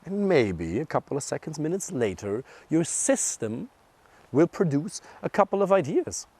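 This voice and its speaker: A man's voice: a little high, big pitch swings, normal speed, darkish tone, husky. A young adult man, a dating coach, giving blunt and emphatic advice in a direct monologue, swearing for emphasis.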